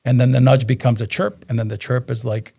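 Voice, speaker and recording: A man guesting on a podcast, swapping business stories in a relaxed interview. His voice has a husky, gravelly texture. He tells anecdotes with energy and acts out what others said. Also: medium pitch, brisk. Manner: animated storyteller who acts out dialogue. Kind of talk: casual interview storytelling.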